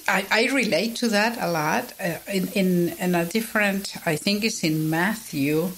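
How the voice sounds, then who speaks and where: A woman's voice: medium pitch, measured pace, fairly bright tone, a little hiss or hum, low-quality recording. A non-native English-speaking woman on a Bible discussion podcast, reflective and personal, often checking in with listeners. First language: not English. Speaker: panelist.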